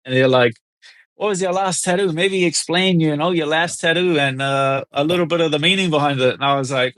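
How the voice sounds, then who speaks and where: A man in his thirties, guest on a podcast, telling crude, animated stories with plenty of swearing. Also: fairly high pitch, brisk, no echo. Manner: crude, animated storytelling with lots of swearing and laughs. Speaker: guest fighter. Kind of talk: casual podcast interview.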